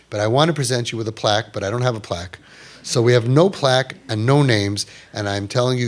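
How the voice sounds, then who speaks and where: A man's voice: fairly low pitch, gravelly. A man, speaking to parents with passion and acting out their voices as he tells stories, his talk full of Hebrew and Yiddish words. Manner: animated, acts out quoted parents and kids in raised voices; sprinkles Hebrew and Yiddish religious terms. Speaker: parenting podcast host giving guidance.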